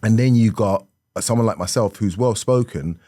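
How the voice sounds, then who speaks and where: A middle-aged man with a South London accent, a comedian telling stories on a podcast in a lively, laughing way that keeps slipping into acted voices. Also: on the low side, normal speed, no echo, clean studio sound. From South London, England. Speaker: comedian guest. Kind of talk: animated podcast storytelling.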